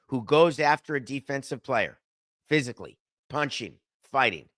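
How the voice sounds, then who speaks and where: In studio-quality audio with no room sound, a middle-aged man hosting a sports podcast gives an emphatic, sardonic opinion monologue and debates himself. His medium-pitched voice is animated and a bit bright, and his pace is moderate.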